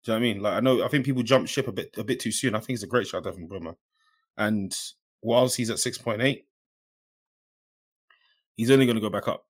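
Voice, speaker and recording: Laid-back man, low voice. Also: fast talker, pauses often. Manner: laid-back, slangy banter. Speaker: podcast co-host. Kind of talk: casual football chat.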